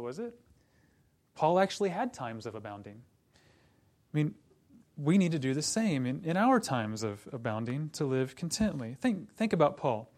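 A man preaching a sermon to a congregation in a conversational way, turning animated when he retells stories. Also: a little high. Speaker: pastor.

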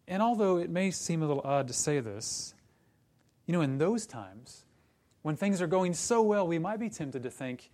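A man preaching a sermon to a congregation in a conversational way, turning animated when he retells stories. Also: on the high side, normal speed. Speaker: pastor.

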